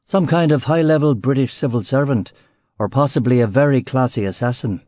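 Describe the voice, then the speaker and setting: A man reads a first-person crime novel aloud with terse, wry phrasing. His voice sits mid-range and has a warm, mellow tone. The sound is close and dry. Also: medium pitch, brisk, no room sound. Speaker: audiobook narrator.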